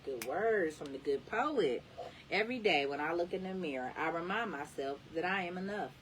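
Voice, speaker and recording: A woman with a deep, low voice reads an inspirational book aloud, leaning hard into the words to encourage the listener. She sits a little back from the mic, and a faint low rumble runs underneath. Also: lively intonation, moderate pace, far from the mic, low-quality recording. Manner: emphatic, encouraging delivery. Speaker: reader.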